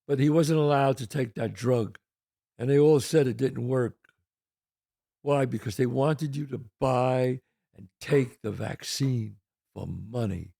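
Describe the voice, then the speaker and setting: A man's voice: medium pitch, unhurried, vocal fry, warm tone. An older American man hosting his own show, delivering a heated, profane solo rant full of rhetorical questions. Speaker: podcast host.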